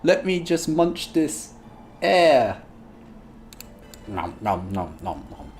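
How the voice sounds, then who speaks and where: A man's voice: medium pitch, very animated, drawn-out words, darkish tone, slight background noise. Crude, laughing man streaming a reading. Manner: crude, self-mocking, laughs often. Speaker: streamer reading a play aloud. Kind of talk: casual livestream reading.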